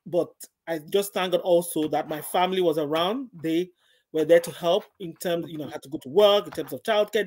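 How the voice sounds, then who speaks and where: A woman's voice: fairly low pitch, darkish tone. A middle-aged woman, a guest, gives an earnest personal faith testimony and repeats phrases for emphasis.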